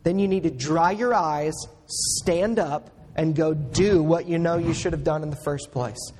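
A man preaching a sermon as a pastor, slow and earnest, pressing each point with emphatic rises. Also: on the high side, darkish tone, a little hiss or hum. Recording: long hall reverb.

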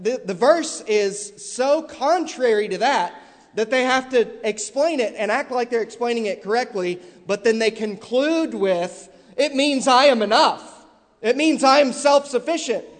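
In a big church hall thick with long reverb, a high-voiced male preacher builds his sermon through repeated, forceful emphasis until it reaches loud, stressed peaks.

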